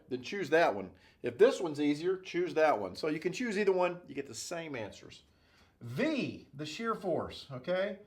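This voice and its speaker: A male engineering instructor giving a classroom-style lecture at a whiteboard, playful and jokey, checking in with "okay?" and "right?" all the time. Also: a little high.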